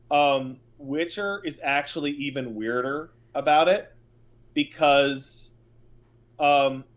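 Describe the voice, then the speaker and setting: Slow-talking higher-voiced man, profane podcast host. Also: fairly bright tone. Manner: profane, exasperated riffing. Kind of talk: casual chat.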